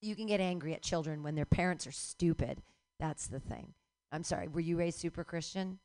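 A middle-aged woman doing a stand-up comedy set, ranting profanely and breaking into shouts. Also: deep voice, a little fast.

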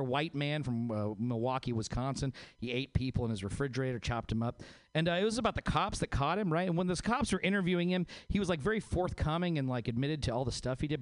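A man doing an open mic stand-up set, deadpan, dropping into low growls for bits. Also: no echo. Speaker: stand-up comedian.

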